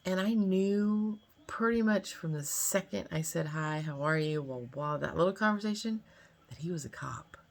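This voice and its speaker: Gravelly-voiced chatty woman in her fifties. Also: lowish voice, normal speed, a little hiss or hum. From California. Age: 50s. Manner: chatty, rambling, many fillers. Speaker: vlogger. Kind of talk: casual storytime chat.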